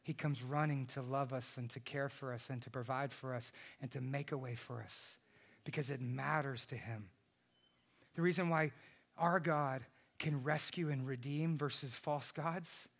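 A man in his thirties preaching a sermon, swinging from shouted peaks to soft, hushed passages. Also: medium pitch, moderate pace. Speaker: pastor.

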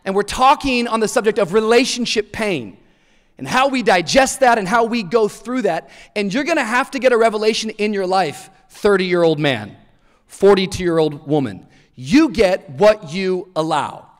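A man in his thirties preaching a sermon in a church, an animated storyteller who acts out voices and laughs often. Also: high voice, normal speed. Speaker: pastor. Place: church auditorium. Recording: large hall reverb.

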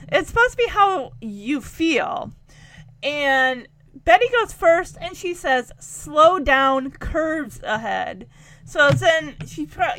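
Animated high-voiced woman podcaster. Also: dry recording. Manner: animated, acts out characters' lines. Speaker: podcast host. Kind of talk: casual retelling of a show episode.

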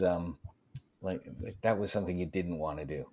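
Man, low deep voice, calm measured podcast talk, reflective. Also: breathy edge. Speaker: podcast co-host. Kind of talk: casual conversational podcast.

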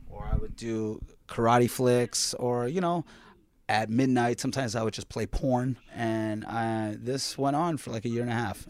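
A middle-aged man from Queens, chatting as a podcast guest and acting out people in his stories with lots of swearing. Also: mid-range voice. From Queens, New York. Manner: animated, profane, acts out voices in stories. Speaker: podcast guest, film screening organizer. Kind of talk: casual chat, storytelling.

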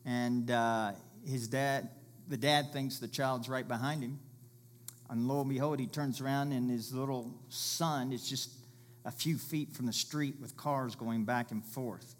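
Pastor preaching conversationally. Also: male voice, medium pitch, fairly even intonation, unhurried. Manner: conversational preaching with illustrations, rises to loud calls. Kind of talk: sermon.

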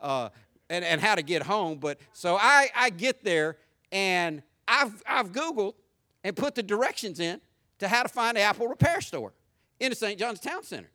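A man's voice: high voice, big pitch swings, moderate pace, pushed and bright. A middle-aged man with a Southern US accent, preaching a sermon as a pastor and telling humorous stories to his congregation.

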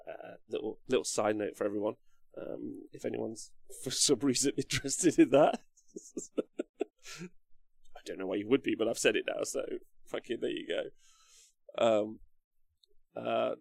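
A man's voice: mid-range voice, a little slow, vocal fry, pauses often, no echo. A young man hosting a casual livestream, rambling, reading chat comments aloud and swearing freely. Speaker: livestream host.

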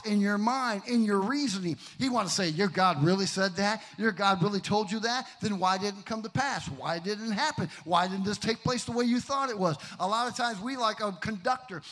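A middle-aged man preaching a sermon, swinging from loud emphasis to hushed storytelling. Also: high-pitched. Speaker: pastor.

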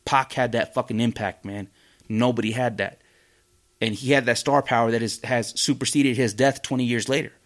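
A man ranting on his own podcast, swearing freely and talking bluntly. His pitch sits in an ordinary middle range. He stumbles over his words and restarts often as he gets heated. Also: fairly even intonation, moderate pace. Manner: profane, blunt, heated, many fillers and restarts. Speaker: podcast host. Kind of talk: casual ranting commentary.

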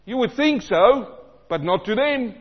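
A man from South Africa preaching a sermon, animated, repeating lines for emphasis and acting out the voices he quotes. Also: extremely high pitch, measured pace, slightly rough. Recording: dull sound in a large reverberant hall.

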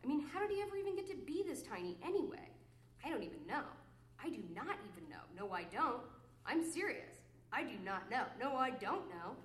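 A woman's voice: high-pitched, very animated, brisk, echoey room. A woman performing a live poetry reading, mock-flirty and exasperated, swinging between cooing asides and mutters. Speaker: poet reading her work. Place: reading series venue with an audience.

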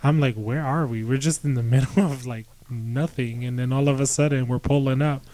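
A man co-hosting a casual radio chat, talking about games in a relaxed, easily amused way. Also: mid-range voice, fairly quick. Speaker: co-host, gamer.

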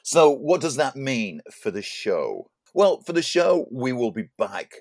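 A man's voice: medium pitch, sing-song, measured pace, a little mellow, no room sound, studio quality. A man co-hosting a podcast in casual chat, laughing often and tripping over his words. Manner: chatty, laughs often, stumbles and repeats words. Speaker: podcast co-host.

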